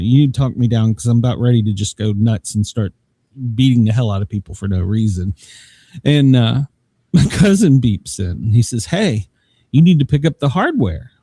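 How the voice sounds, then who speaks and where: A man's voice: medium pitch, lively intonation, moderate pace, warm tone, no echo. A man telling a long, rambling story in casual chat as a show host, laughing often. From Southern United States.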